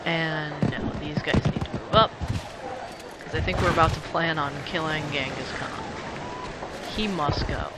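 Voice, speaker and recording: A man casually commenting on his strategy game in a playful, joking way, talking to the game's characters with sudden excited yelps. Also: a little high, unhurried, very noisy. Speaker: gamer narrating a let's play. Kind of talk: casual let's play commentary. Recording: game music loud behind voice.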